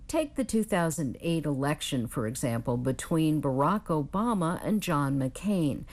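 A woman reading a scripted news report in a measured, even delivery. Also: low voice.

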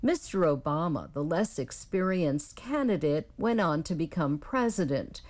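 A woman reading a scripted news report in a measured, even delivery. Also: low-pitched.

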